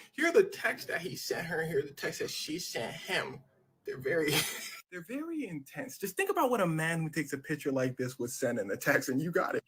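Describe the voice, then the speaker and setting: A man's voice: on the high side, lively intonation, brisk, vocal fry, fairly bright tone, breathy edge. A man on a podcast telling a dramatic story in slang, acting out each side's lines. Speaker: podcast host. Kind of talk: animated storytelling with voiced characters.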